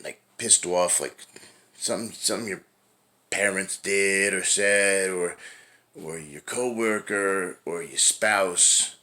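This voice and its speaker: Middle-aged guy venting on his vlog, rambly, keeps saying right, kinda low but tense-sounding voice. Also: bright, forceful tone. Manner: rambling, repeats "right?" often, swears. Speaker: fitness vlogger. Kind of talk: casual venting monologue.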